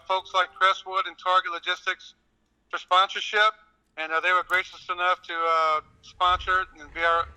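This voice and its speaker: A man with a Southern accent, his voice high and very bright, with a smooth clear tone. He answers politely and courteously, saying "yes, sir," as a guest on a radio interview. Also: rough recording. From Louisiana.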